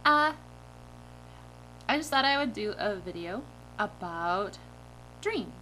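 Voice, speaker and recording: A woman vlogger telling a story to her camera in a bubbly, giggly, animated way. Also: mid-range voice, takes it slowly, a little hiss or hum, low-quality recording.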